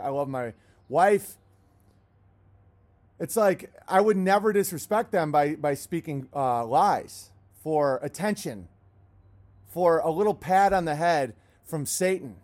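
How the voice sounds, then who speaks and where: A high-voiced man rants loudly into the mic, hammering each point home. His talk is blunt, full of swearing, and comes in fast bursts with long lists. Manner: loud, profane, emphatic ranting. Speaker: host. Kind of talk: ranting livestream talk. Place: outdoors in his garden.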